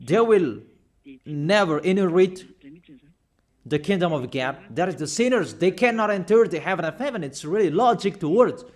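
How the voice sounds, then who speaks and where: High-voiced man preaching emphatically. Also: animated, moderate pace. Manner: emphatic, repetitive preaching, reads out verses. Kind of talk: sermon.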